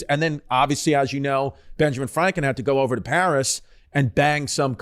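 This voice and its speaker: A man's voice: mid-range voice, fairly quick, smooth. A man co-hosting a podcast, rambling through history stories in crude, casual chat. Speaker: podcast co-host.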